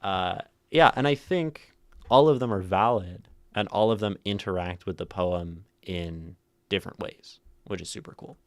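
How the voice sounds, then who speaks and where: A man's voice: deep voice, normal speed, dry recording. A man hosting a livestream who reads and talks through poetry in a casual, musing way, thinking aloud with lots of fillers and rereading lines with changing inflection. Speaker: livestream host analyzing poetry.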